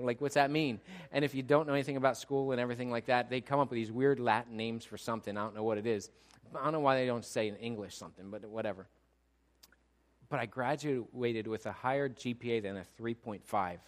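A middle-aged man preaching a sermon as pastor, swinging between loud emphatic preaching and quiet personal storytelling. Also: medium pitch.

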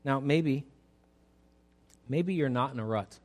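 A man preaching a sermon as pastor, swinging from loud exhortation to soft pleading, speaking to a church congregation. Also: medium pitch, slow pace. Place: church sanctuary.

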